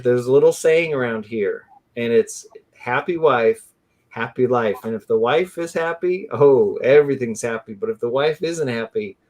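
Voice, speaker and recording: A man hosting a live barbecue stream, chatting in an excitable, rambling way and saying "dude" a lot. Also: mid-range voice. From California. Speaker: host of a live barbecue show. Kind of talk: casual live-stream chat.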